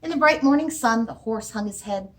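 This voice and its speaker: Female children's librarian, high and lively, bright sing-song storytime delivery. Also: fairly quick. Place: library room.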